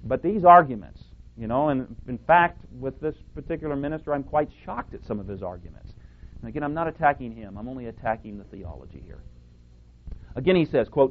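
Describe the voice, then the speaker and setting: A man's voice: mid-range voice, expressive, a little fast. A man teaching on scripture, emphatic and at times sarcastic as he quotes and rebuts other ministers. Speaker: preacher. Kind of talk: radio Bible teaching. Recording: tinny phone-like audio.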